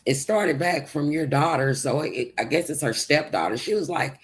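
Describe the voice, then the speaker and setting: A woman's voice: deep voice, normal speed, hardly any pauses. A woman with a Southern US country accent, chatting casually on a livestream and answering her chat in a rambling way. Her voice sounds sleepy, as if she just woke up. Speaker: livestream host.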